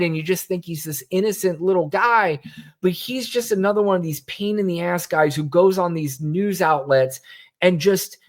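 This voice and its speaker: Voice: medium pitch, moderate pace. A podcast host giving blunt, indignant political commentary, swearing now and then.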